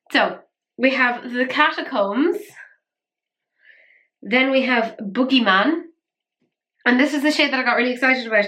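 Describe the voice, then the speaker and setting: A young woman reviewing makeup in a casual, rambling, self-mocking way, a little breathless and quick to gasp with excitement. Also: fairly high pitch. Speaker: beauty vlogger.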